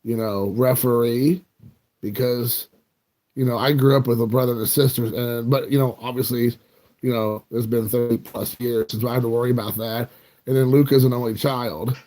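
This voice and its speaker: Speaking at a moderate pace, the man has a mellow, mid-range voice with fairly even intonation. He's a forties-aged American hosting a card collecting channel, rambling and joking with viewers while making fun of himself.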